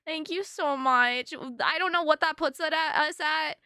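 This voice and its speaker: Give me a young woman streamer with a sharp, bright voice, gushing thanks in casual live-stream chat. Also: high voice, normal speed, dry recording, clean studio sound. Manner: effusive, gushing thanks to viewers.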